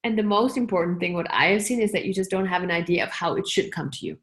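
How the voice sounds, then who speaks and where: A woman's voice: on the low side, fast. A woman choreographer, a guest in a conversational interview, talking in loose running phrases, laughing often and acting out her own quoted asides.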